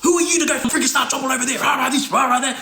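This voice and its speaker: A man's voice: very high-pitched, big pitch swings, fast, roomy sound, a little hiss or hum, voice pushed up, full character voice. A man putting on a furious older street enforcer. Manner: shouting, berating, threatening.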